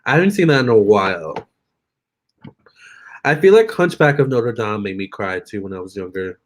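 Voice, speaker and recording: A young man chatting casually with viewers during a live stream, expressive and talking straight to his audience. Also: medium pitch, measured pace, pauses often, a little hiss or hum. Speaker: live-stream tarot reader.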